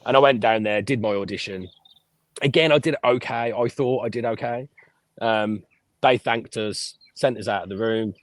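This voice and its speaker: A man's voice: medium pitch, moderate pace, no echo. Man telling stories, dry sound. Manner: lively anecdotal storyteller, swears freely. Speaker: podcast guest. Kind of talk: casual storytelling interview.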